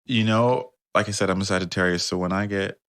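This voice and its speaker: Male podcast guest, very low voice, animated storyteller who mimics the people in his story. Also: fairly quick, clear, resonant tone, no room sound. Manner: animated, acts out quoted voices. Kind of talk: casual storytelling. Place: Netherlands.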